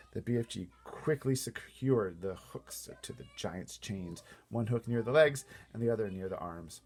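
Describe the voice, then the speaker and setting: A man reading a children's novel aloud in an expressive, animated storytelling manner. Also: on the low side, slightly rough. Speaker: storybook reader.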